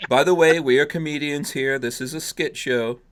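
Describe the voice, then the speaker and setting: A man's voice: fairly high pitch, fairly even intonation, moderate pace, a bit bright. A man hosting a casual podcast, reading viewer comments aloud in an easygoing way. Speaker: podcast host. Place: podcast studio.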